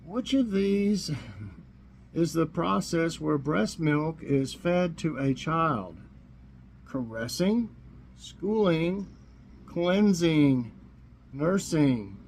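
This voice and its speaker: A man from Tennessee hosting a casual trivia vlog, a little hoarse, easygoing and chuckling to himself. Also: a little high, expressive, drawn-out words, long pauses, darkish tone, slight background noise, rough recording. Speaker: vlog host. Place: warm room indoors.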